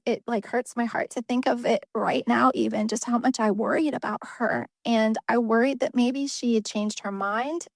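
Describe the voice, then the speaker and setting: A middle-aged woman speaking as a guest about her own family, earnest and emotional, her talk full of small fillers. Her pitch sits in the ordinary middle for a woman. The sound is close and dry, with no room around her. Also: no echo. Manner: earnest, emotional, many "you know" fillers and laughs. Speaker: adoptive mother and guest. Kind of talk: heartfelt personal storytelling.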